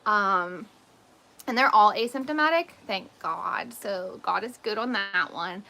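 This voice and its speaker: A woman's voice: mid-range voice, a little slow, creaky, pushed and bright. A woman vlogger and mother chatting casually on a livestream, telling stories with frequent laughs and many ums.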